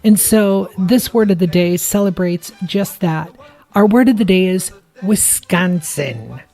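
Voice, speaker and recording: A woman's voice: lowish voice, a little slow, mellow. A woman from the Midwestern United States hosting her podcast solo, with a playful, theatrical and effusive delivery. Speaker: podcast host.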